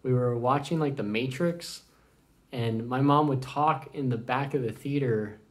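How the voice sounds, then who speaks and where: Rambling man telling family stories. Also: mid-range voice. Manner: rambling, halting, many fillers. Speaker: vlogger. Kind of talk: casual storytelling.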